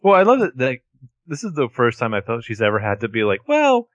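A man co-hosting a podcast, recapping a TV episode in animated, sarcastic casual chat, full of "like". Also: mid-range voice, fast, no room sound, highs cut off. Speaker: podcast co-host.

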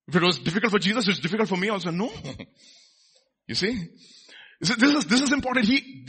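Pastor guy preaching, keeps asking the crowd stuff, bright kinda husky voice. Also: high voice. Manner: animated preaching with questions to the congregation. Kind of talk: sermon.

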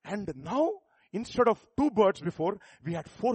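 A middle-aged pastor, preaching a sermon full of rhetorical questions that builds to emphatic peaks. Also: male voice, sits high, big pitch swings, moderate pace, a little mellow, breathy edge, dry recording.

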